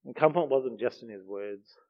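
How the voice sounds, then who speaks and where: A man's voice: mid-range voice, moderate pace. A man preaching a heartfelt, earnest sermon. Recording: dull lo-fi recording.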